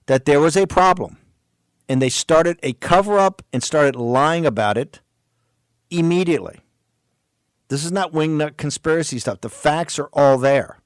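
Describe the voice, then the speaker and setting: A man's voice: fairly high pitch, no echo. Fiery ranting talk radio host, man. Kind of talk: political talk radio monologue.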